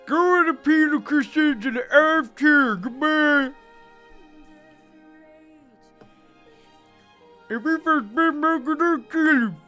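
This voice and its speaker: A man voicing a goofy, blustering galactic emperor in a high, squealing fake gibberish accent, comically yelling and scolding. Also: a little slow, faint music behind, full character voice. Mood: scolding, bossy. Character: goofy mock-Swedish chef version of a galactic emperor, male, blustering.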